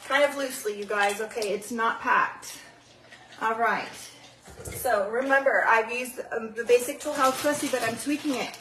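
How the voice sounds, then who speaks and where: A woman's voice: a little high, moderate pace, echoey room, distant mic, background noise. A woman from Southern California chatting casually through a live baking demo in her home kitchen, filling her talk with ums and greeting viewers by name. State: out of breath after running stairs. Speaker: channel host baking live.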